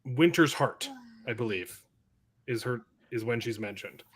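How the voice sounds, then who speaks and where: A man's voice: mid-range voice, husky. A man in a casual fan discussion, talking from his desk at home and correcting himself often. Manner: rambling, quick self-corrections. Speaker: podcast panelist.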